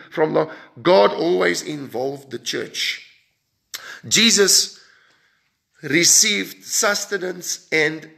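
A man with a creaky voice preaches a sermon emphatically, his pitch and loudness suddenly rising and dropping. He frequently repeats words.

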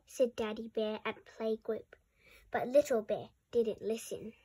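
A woman reading a children's picture book aloud in a clear, deliberate way. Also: on the high side, fairly even intonation, warm tone. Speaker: storybook reader.

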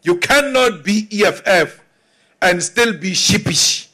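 Slow, high-voiced South African man orating. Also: lively intonation, bright, forceful tone. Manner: emphatic, repetitive, deliberate. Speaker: politician. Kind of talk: political speech to an audience.

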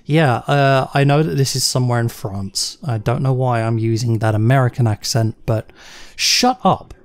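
A man's voice: medium pitch, steady tone, moderate pace, darkish tone, no echo. Sarcastic man narrating a horror game. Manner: sarcastic, reacting aloud while playing alone. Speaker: gaming channel host. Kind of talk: let's play commentary with read-out game text.

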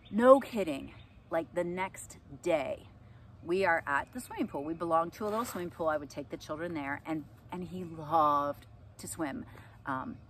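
A middle-aged woman, an astrology and yoga teacher, telling personal stories in a casual, animated way and acting out what people said. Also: fairly low pitch, a little hiss or hum. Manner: animated, acts out quotes with laughs. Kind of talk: casual storytelling to camera.

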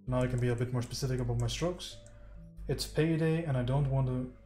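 Brief: casual male livestream painting tutor, mid-pitched, loose and talkative. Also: a little fast, warm tone. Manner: chatty, swears, talks to chat. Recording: roomy echo, faint music.

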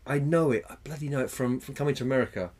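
Man, podcast co-host, casual chat, husky voice, rambling, swears a lot. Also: medium pitch, very fast, darkish tone. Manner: rambling, swears freely, searches for names mid-sentence.

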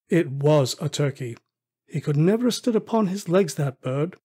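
Man reading an old classic out loud, kinda husky, a bit high, really expressive. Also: normal speed. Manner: expressive storytelling. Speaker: audiobook narrator. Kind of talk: scripted audiobook narration.

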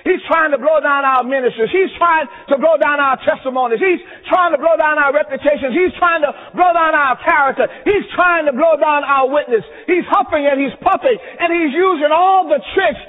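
A man preaching a chapel sermon, rhythmic and repetitive, building to shouts. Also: very high-pitched, moderate pace, hardly any pauses. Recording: tinny, echoey chapel recording.

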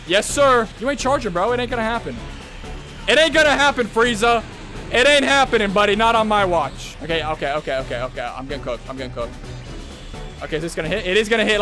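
A young man streaming a fighting game, commenting live with excitable, profane trash talk. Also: sits high. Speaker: gaming streamer. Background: game music.

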